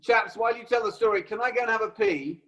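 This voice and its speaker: Guest on a phone video call, high tenor voice, cheeky and chatty. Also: male voice, fast, a bit bright. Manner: chatty, cheeky, self-interrupting. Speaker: guest actor. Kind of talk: casual chat on a video call.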